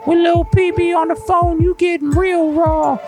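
A man voicing a cocky young male rapper, rapping and singing crude boasts in a very high squeaky put-on voice. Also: flat delivery, moderate pace, over music. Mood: boastful.

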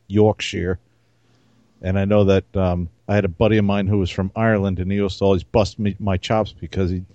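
A man's voice: sits low, a little mellow, no room sound. A man co-hosting a podcast, chatting and rambling into personal stories in a casual way. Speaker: podcast co-host.

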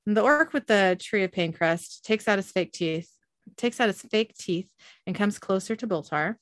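Woman narrator reading a story, even delivery, dry and close. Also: medium pitch, moderate pace, dry recording. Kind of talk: reading a fan story aloud.

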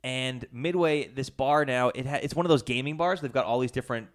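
Male podcast co-host, quick casual storyteller, acts out each character. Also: medium pitch. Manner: animated, acts out quoted people.

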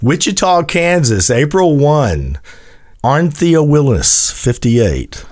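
Wry man host with a lively voice. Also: fairly high pitch. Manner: wry storyteller, slow emphatic delivery of news items. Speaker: radio host. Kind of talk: casual radio chat, reading news stories.

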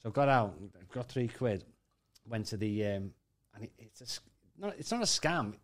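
A man's voice: mid-range voice, lively intonation, moderate pace. A man, a guest asking rambling questions and telling his own story in casual chat.

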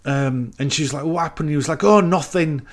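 A man's voice: medium pitch, steady tone, fairly quick. A man retelling a film plot in casual chat, rambling and acting out the characters' lines. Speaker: podcast co-host.

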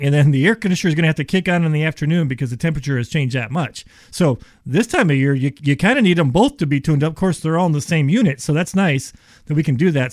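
Man, rapid radio sales talk, dry studio sound, a bit high-pitched. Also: darkish tone, no room sound. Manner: fast, enthusiastic sales pitch with restarts. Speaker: HVAC company owner and radio guest.

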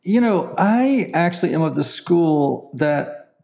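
Gravelly man explaining with "right?". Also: fairly high pitch, animated, slow, darkish tone. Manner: earnest, explanatory, often adds "right?". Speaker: guest, counselor and author. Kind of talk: conversational interview.

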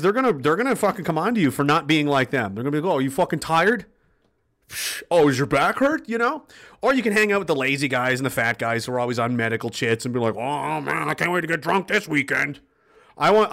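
A man's voice: on the high side, fairly bright tone. Blunt, profane man ranting. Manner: blunt, swearing, impassioned with rhetorical questions. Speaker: livestream host reading chat. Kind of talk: profane political rant to viewers.

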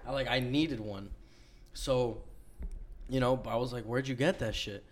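A man's voice: medium pitch, unhurried. Slangy young man telling stories. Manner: laid-back storytelling, heavy profanity, slangy. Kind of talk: casual chat.

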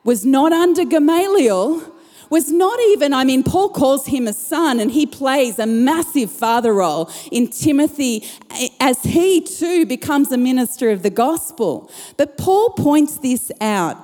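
High-voiced woman preaching. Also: expressive, unhurried, mellow. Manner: passionate preaching with rising emphasis. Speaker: pastor. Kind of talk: sermon. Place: church auditorium. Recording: long hall reverb.

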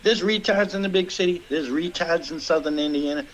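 A man's voice: a little high, brisk, low-quality recording. A middle-aged man, a comedian guest from the Boston area, telling rambling, profane stories in casual podcast chat.

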